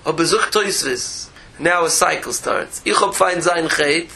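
A man giving a Torah lecture as a rabbi, animated, with rhetorical questions and repeated phrases. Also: on the high side, unhurried, creaky, rough recording.

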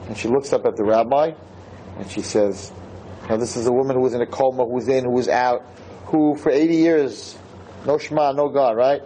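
A man giving a Torah lecture to listeners, telling a story with animated emphasis and repeated phrases. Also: mid-range voice, a little fast, a little hiss or hum, low-quality recording.

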